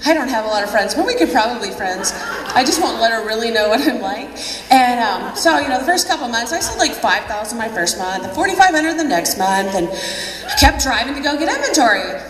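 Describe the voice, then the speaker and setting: Speaking from a large convention hall, a woman with a high, very animated voice tells her own story a little fast, chatting, laughing and making fun of herself. Crowd noise is audible, and the distant mic picks up an echoey hall.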